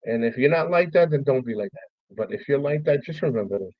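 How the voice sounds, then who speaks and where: A man's voice: medium pitch, animated, brisk, no echo. Dull lo-fi man remembering a friend. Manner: loose, profane, thanks listeners by name. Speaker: podcast host. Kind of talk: casual memorial monologue. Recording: dull, dry, lo-fi stream audio.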